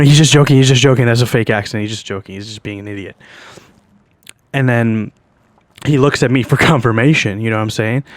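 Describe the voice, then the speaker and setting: A young man with a Canadian accent rambles through a story as a podcast host. He swears freely and fills every gap with "like" and "you know what I'm saying". His voice is medium-pitched and recorded dry and close. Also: dry recording. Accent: Canadian English. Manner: profane, loose, heavy on "like" and "you know what I mean". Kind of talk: casual storytelling monologue.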